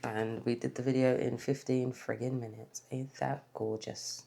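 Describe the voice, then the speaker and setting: Tired rambling woman with a low, gravelly voice. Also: level tone, moderate pace, mellow. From England. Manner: rambling, chatty, talks while counting cash. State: tired, yawning. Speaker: budgeting vlogger. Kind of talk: casual budget vlog chat.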